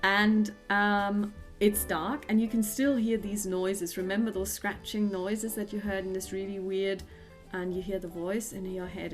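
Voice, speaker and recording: A woman's voice: medium pitch, little pitch movement, a little slow, soft background music. Woman running a tabletop game. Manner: descriptive, with frequent fillers and restarts. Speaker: game master.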